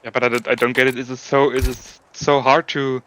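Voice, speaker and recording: A man chatting casually while playing a racing game, halting and restarting, laughing often. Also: medium pitch, level tone, fairly bright tone, a little hiss or hum. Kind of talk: casual chat while gaming.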